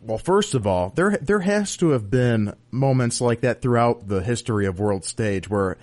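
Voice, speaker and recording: A man's voice: medium pitch, animated, normal speed, a little mellow. Conversational male interview host. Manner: conversational, introduces names. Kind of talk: casual interview questions.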